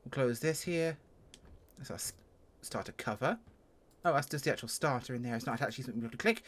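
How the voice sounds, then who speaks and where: A speaker with an English accent doing a casual first-look review of a flight sim plane, chatty and self-deprecating, with sudden jumps in pitch. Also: lively intonation, fast talker. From England.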